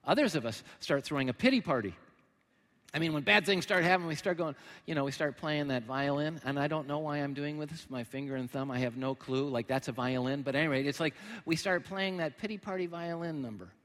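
A man preaching a sermon as pastor, animated, swinging between loud emphatic lines and quiet, low ones. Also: a little fast, big-room sound.

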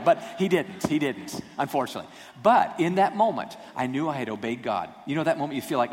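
A man preaches in a lively storytelling style, poking fun at himself. His mid-range voice carries a long reverb, as if he were in a large hall. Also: medium pitch, fast. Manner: animated, self-deprecating humor. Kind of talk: storytelling sermon.

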